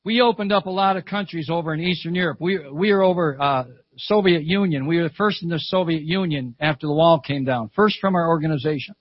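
Delivering a church sermon quickly, an older male preacher tells stories with fervor, repeats lines for emphasis, and calls "Amen." His voice is high for a man, and the recording is dry, dull, and close, with little room sound.

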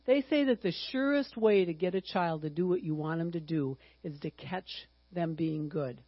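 A woman's voice: lowish voice, moderate pace, breathy edge, no echo, lo-fi sound. Chatty woman in her sixties teaching a Bible lesson. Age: 60s. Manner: chatty and humorous, bursting into excited exclamations.

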